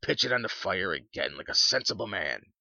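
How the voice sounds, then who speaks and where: A man playing a solemn old sergeant major, very low, grave and unhurried. The voice is gravelly and husky in a dull, dry recording. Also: sing-song, bright, forceful tone, dry recording, full character voice. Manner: grave and slow. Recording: dull lo-fi sound.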